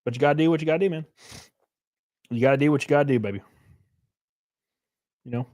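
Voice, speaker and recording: A man's voice: on the high side, fast, darkish tone. A man in his thirties hosting a live stream, chatting casually and joking back at his chat. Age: 30s. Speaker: livestream host.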